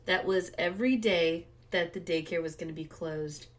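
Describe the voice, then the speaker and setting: A woman co-hosting a podcast in casual chat, telling stories in an animated way and laughing as she talks. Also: fairly low pitch, normal speed. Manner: animated storyteller, laughs while talking. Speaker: podcast co-host.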